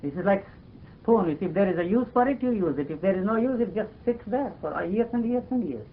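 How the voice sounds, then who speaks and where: Insistent high-voiced man on an old tape. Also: lively intonation, fast. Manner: emphatic, insistent, repeats "you see" and "no, no". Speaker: spiritual speaker in discussion. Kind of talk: philosophical conversation. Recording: tinny lo-fi archival recording with faint hiss.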